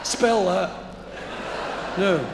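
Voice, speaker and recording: A man's voice: high voice, very slow, gravelly, very noisy. A man in his thirties with a Scottish accent, telling stand-up stories to a live crowd and bantering with it. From Scotland. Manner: broad, rowdy, bantering with the crowd. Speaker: stand-up comedian. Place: large concert hall, live. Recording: echoey live concert hall recording. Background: audience.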